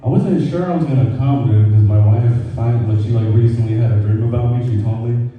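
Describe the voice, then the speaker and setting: A man's voice: mid-range voice, quick pace, phone-quality sound. A man doing a casual, swearing stand-up comedy set on stage at a brewery, with a dry mouth. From Mexican heritage. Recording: echoey room from far off.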